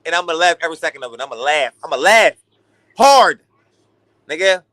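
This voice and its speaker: A man with a high, bright voice rants through a late-night boxing talk stream. He swears freely and swings between hype and mockery. The sound is dry and close. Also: fairly quick, no room sound. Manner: animated, profane, ranting. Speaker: boxing talk show host. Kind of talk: casual livestream rant.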